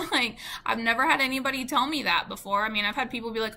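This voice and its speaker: A woman's voice: on the high side, racing, few pauses, sharp tone. A woman with a Southern US accent telling a casual storytime to her camera, chatty and full of "like" and "you know.". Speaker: beauty vlogger.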